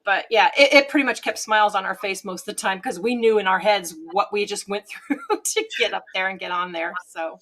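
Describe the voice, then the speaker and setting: A woman guest on an interview show, telling lively stories, often laughing and acting out quoted dialogue, heard through a webcam microphone. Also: mid-range voice, brisk. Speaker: guest, TV show host and business owner. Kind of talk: casual interview storytelling.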